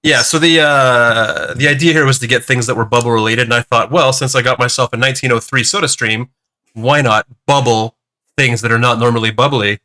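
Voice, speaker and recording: Man, canadian, bright tone, playful casual chat. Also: medium pitch, steady tone, a little fast.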